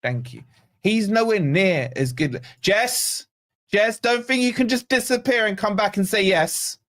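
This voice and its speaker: A man from Scotland hosting a live football watch-along, animated and nervous, reading out chat messages and gifts. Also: high-pitched, unhurried. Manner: animated, excitable, reads chat aloud. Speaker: fan channel host.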